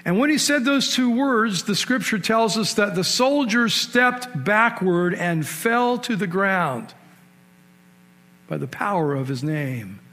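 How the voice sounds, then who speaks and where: A man preaching a sermon in a conversational storytelling way, asking his listeners questions and rising sharply in pitch and volume to stress key points. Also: lively intonation, takes it slowly. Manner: storytelling, with sudden rises in pitch and loudness for emphasis. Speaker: pastor.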